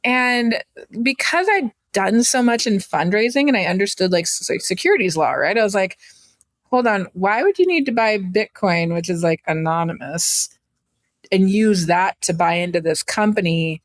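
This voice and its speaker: A woman in her thirties from Canada, telling her story in a chatty, animated way as a guest on an interview podcast. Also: medium pitch, moderate pace, no echo. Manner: animated, chatty, acts out quoted voices. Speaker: guest entrepreneur.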